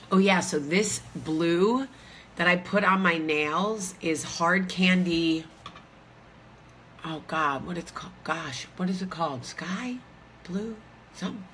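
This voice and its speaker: A woman talks to her viewers in a loose, rambling way, full of fillers. Her voice sits a little low but sounds bright and forceful. A faint hum of room noise hangs behind her. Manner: chatty, rambling, lots of fillers. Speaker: vlogger host. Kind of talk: casual chat to viewers. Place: hotel room.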